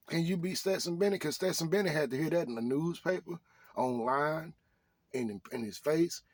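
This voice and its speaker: A man's voice: a little high, moderate pace, dry recording. Preachy man firing rhetorical questions. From Arkansas. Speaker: vlogger. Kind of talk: motivational rant to camera.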